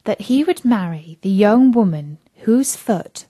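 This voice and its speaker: A woman's voice: medium pitch, animated, a little slow, dark tone, no echo. A woman reading a fairy tale aloud for children as a storyteller.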